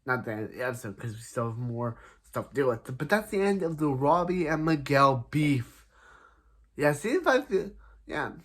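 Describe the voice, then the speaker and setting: A man's voice: mid-range voice, expressive, normal speed, few pauses, slight background noise. Rambling young man recapping a show. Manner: rambling, restarts often, paraphrases characters with "he's like"; laughs at a character's name. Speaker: episode recapper. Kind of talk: casual plot recap.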